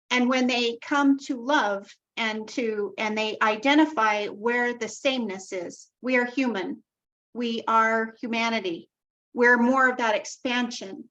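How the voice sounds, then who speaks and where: A woman with a slightly high voice hosts an online group call. She talks casually and keeps circling back to loving affirmations. The video call sound is dull and lo-fi. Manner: warm-hearted, repeats herself, loving affirmations. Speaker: call host.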